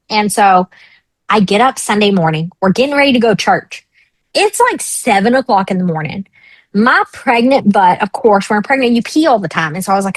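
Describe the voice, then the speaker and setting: Appearing as a talk show guest, a thirtysomething woman candidly shares a personal story, bringing it to life by imitating the voices of the people involved. She speaks at a normal speed in a mid-range voice, captured in a dry, rough recording.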